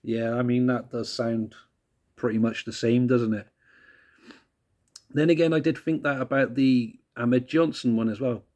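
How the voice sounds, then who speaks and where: Casting: laid-back male music reviewer, casual and rambling, mid-pitched. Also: steady tone, a little slow, darkish tone. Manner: laid-back, frequent laughs and swearing, rambling asides.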